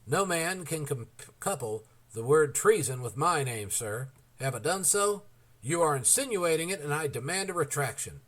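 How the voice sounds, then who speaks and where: A man's voice: on the high side, lively intonation, fairly quick, hardly any pauses, slightly rough. A man reading as a proud, touchy general. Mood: indignant. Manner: stiff and indignant.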